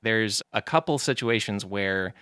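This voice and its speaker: A man's voice: lowish voice, measured pace, pushed and bright, smooth, no echo, clean studio sound. A man co-hosting a podcast in casual chat, laid-back and laughing often as he explains things. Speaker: podcast co-host.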